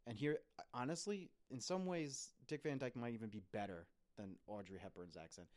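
A man co-hosting a casual film review podcast, talking bluntly with swearing and animated rants. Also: mid-range voice, normal speed. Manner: blunt, profane, animated ranting. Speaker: podcast co-host.

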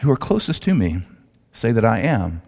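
A man voicing a calm, steady male teacher who speaks in a measured, low tone. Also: vocal fry, heavily acted. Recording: long hall reverb.

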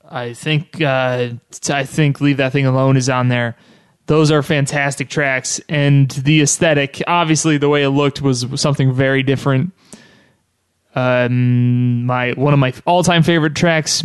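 Smooth-voiced enthusiastic podcast host, man. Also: medium pitch, dry recording, studio quality. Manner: chatty and enthusiastic, loose rambling phrasing. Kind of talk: casual chat.

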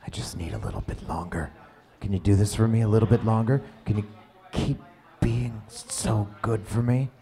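A man playing a gentle male lover who murmurs reassurance in a soft hush. The voice sits very deep and dark, and it stays close and calm for an amateur audio story. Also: moderate pace, soft background music. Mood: soothing. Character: tender, encouraging adult male lover. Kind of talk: amateur erotic audio reading.

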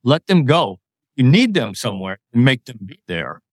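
Older man in his sixties, interview guest; firm, plainspoken storyteller, dry close sound, mid-pitched. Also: sing-song, normal speed, husky, dry recording. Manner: plainspoken, firm, tells leadership anecdotes. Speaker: guest, retired army officer.

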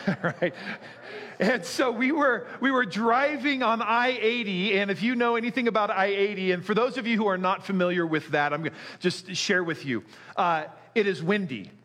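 A middle-aged man preaching a sermon, telling a story with animation before turning quiet and earnest. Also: high-pitched, normal speed. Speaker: pastor.

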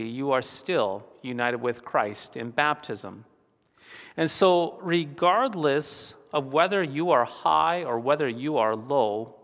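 A pastor giving a funeral sermon, earnest and steady, returning to key phrases again and again for emphasis. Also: male voice, a little high, in a large hall.

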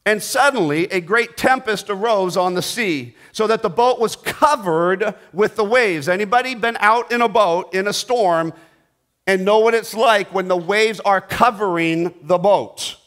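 A middle-aged man preaching a sermon, dramatic, swinging between loud bursts and hushed asides. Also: sits high, animated, moderate pace.

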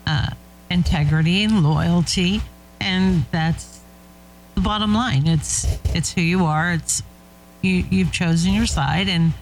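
A man's voice: high voice, slow, a little hiss or hum, low-quality recording. A man co-hosting a show, chatting casually in a hesitant, reassuring way with many fillers. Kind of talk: casual chat.

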